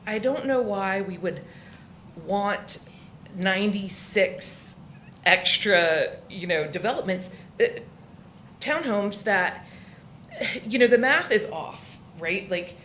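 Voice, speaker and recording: A woman from Florida speaking during public comment at a village council meeting. She sounds emotional and halting, with many restarts. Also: medium pitch, lively intonation, fairly bright tone, a little hiss or hum.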